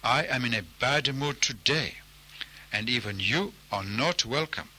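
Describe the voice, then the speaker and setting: A man's voice: mid-range voice, animated, unhurried, bright, forceful tone, heavily acted. A man doing a bad-tempered hippo. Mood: surly. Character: bad-tempered male hippo, grumpy bully.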